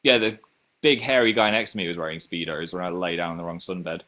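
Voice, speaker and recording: A man's voice: low-pitched, fairly even intonation, fast, pushed and bright. A young man with a Northern English accent, casually chatting on his own livestream and reading out viewer comments in a chatty, self-mocking way. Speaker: livestream host.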